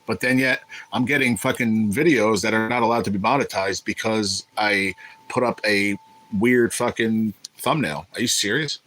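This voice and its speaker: A man's voice: lowish voice, moderate pace, a bit bright, low-quality recording. A man hosting a casual livestream, talking in a blunt, profane, irritated way. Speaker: livestream host.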